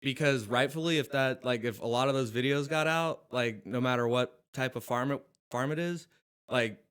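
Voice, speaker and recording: Relaxed man with a smooth voice. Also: medium pitch, normal speed. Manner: relaxed, agreeable, conversational. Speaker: podcast guest. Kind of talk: casual chat.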